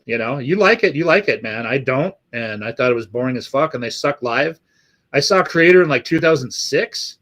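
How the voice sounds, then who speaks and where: A middle-aged man rambling through a casual live stream with a fair amount of drink in him. He swears constantly and wanders from one thought to the next, his voice sitting at a middle pitch. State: has been drinking.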